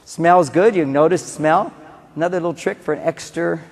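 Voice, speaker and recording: Gravelly man speaking in a big hall. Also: fairly high pitch, brisk. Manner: animated, acts out quotes, repeats key phrases. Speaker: relationship seminar speaker. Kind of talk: conference talk. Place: large conference hall. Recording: long reverb of a conference hall.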